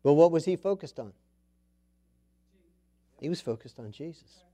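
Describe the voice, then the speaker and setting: A middle-aged man preaching a sermon, with sudden loud bursts, soft drops, and scripture read slowly aloud. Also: a little high, lively intonation.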